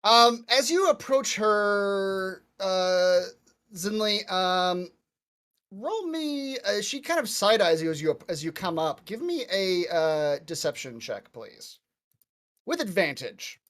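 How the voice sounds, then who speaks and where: A man running a tabletop game as dungeon master, relaxed and chatty, laughing easily. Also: sits high, slow.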